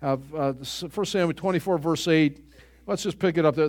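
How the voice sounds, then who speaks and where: A man preaching a sermon, reading scripture aloud with earnest emphasis and pausing to find passages. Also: darkish tone. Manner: earnest, rises in pitch and volume on emphatic scripture lines.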